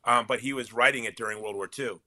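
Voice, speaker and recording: Animated man with a very bright voice. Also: medium pitch, fast, no room sound. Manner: animated and emphatic, with frequent restarts. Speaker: guest author. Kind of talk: casual conversational interview.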